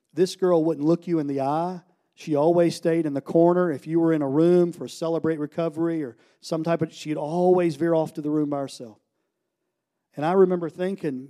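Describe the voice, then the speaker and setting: A middle-aged man from the United States delivering a sermon, his voice mellow and warm and sitting a little high for a man. He tells stories and keeps pulling his voice down to a near hush, then rising into loud, pressing questions. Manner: storytelling preacher, swings from hushed to loud. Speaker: pastor.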